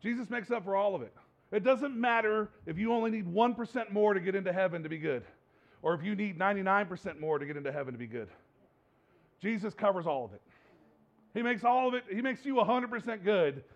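Gravelly high-voiced male pastor preaching. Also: fast talker. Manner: conversational, animated, repeats for emphasis. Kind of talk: sermon. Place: church. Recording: dull lo-fi recording.

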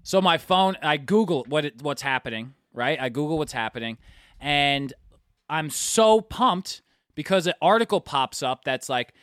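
A young man on a dry, close mic, telling a story with lots of energy. His voice sits a little high, and he swears freely in casual podcast chat. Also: animated, normal speed, fairly bright tone, smooth, dry recording. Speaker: podcast co-host.

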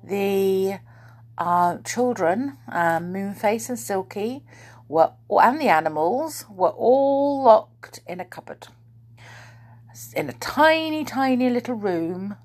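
A woman reading a children's book aloud to young listeners, animated and dropping to whispers. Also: mid-range voice, slow pace.

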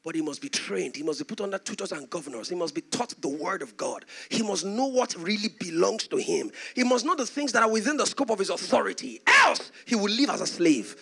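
A Nigerian-accented pastor preaches a sermon as dramatic storytelling. His voice sits very high for a man, with a gravelly fry and a bright, forceful edge. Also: expressive, fairly quick, hardly any pauses.

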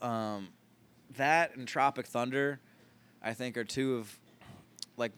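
A man's voice: mid-range voice, fairly even intonation, takes it slowly, fairly bright tone, clear, resonant tone. A man co-hosting a podcast in casual chat, joking crudely and rambling with lots of fillers. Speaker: podcast co-host.

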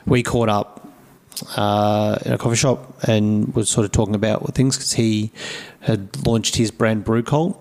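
An Australian man in casual podcast conversation, telling stories with lively acted-out quotes and casual swearing. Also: on the low side, measured pace. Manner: lively storyteller who acts out quoted dialogue and swears freely. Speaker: podcast guest, craft brewery founder. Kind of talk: casual storytelling chat.

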